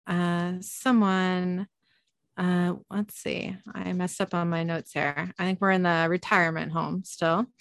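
A woman podcast host narrating a TV episode scene by scene, reading in a relaxed way with filler ums and uhs. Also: fairly low pitch, no echo, studio quality. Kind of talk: reading a scene-by-scene recap with chat.

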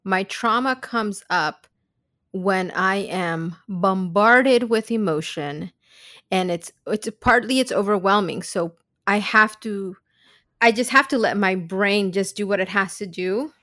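Woman podcast guest, mid-pitched voice, thoughtful and halting, dry recording. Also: fairly bright tone, no echo. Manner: reflective, searching for words with restarts. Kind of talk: casual podcast conversation.

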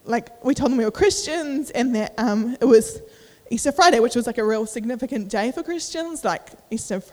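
A woman's voice: fairly high pitch, expressive, normal speed, darkish tone, big-room sound. A young adult woman giving a sermon. She tells a personal story casually and with feeling, with many fillers. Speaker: preacher.

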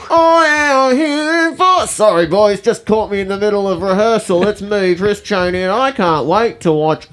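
A man's voice: high voice, normal speed, a bit bright, pitched above the performer's own voice. A man on a comedy podcast putting on a busy male rock musician phoning in, breezy and apologetic.

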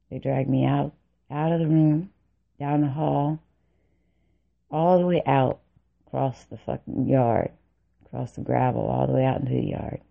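A vlogger with a very deep, creaky, warm voice recounts her army training in an angry, profane story broken up by bitter laughs. The audio sounds tinny, as if recorded on a phone.

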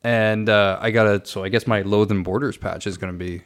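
A little fast and fairly flat in intonation, this low-leaning male voice belongs to a Canadian podcast co-host in his thirties. He tells a long travel anecdote in a casual way, drifting into asides and correcting himself.

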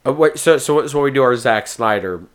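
An excitable podcast host, a man with a middle-pitched voice. He rambles in casual chat, jumping from one thought to the next. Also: brisk. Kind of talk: casual chat about movies.

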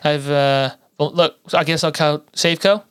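A man's voice: on the high side, steady tone, moderate pace, a bit bright, clean tone, no echo, clean studio sound. A man co-hosting a casual sports podcast, rambling with fillers and restarts. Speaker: podcast co-host. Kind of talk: casual chat.

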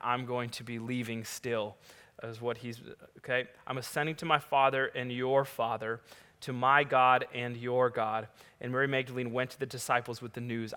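A man preaching a sermon, reading scripture and retelling the story in an animated, conversational way. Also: mid-range voice, clean tone. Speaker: pastor. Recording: large hall with long reverb.

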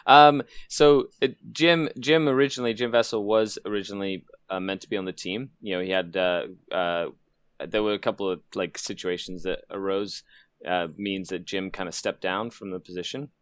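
Low-voiced Canadian man, dry sound. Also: fairly even intonation, normal speed, clean tone, no room sound. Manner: rambling, many fillers and restarts. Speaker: team captain guest. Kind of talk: casual chat.

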